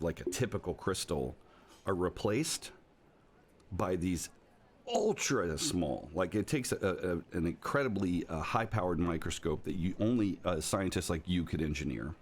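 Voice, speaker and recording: A man with a very low voice runs a tabletop game as game master. He narrates in a loose, rambling way, joking and restarting his sentences. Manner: rambling, jokey, many fillers and restarts.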